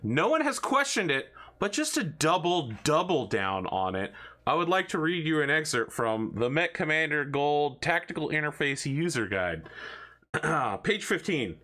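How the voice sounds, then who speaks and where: A man running a tabletop game as game master, telling stories in an animated, jokey way. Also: a little high, unhurried. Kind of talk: tabletop game narration, casual chat.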